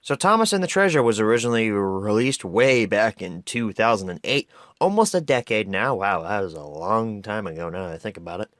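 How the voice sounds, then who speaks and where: A man's voice: on the low side, expressive, a little fast, few pauses, fairly bright tone, soft background music. A man hosting his own review videos, talking in a casual, upbeat way and rambling with fillers as he walks through a product. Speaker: host of a video review series.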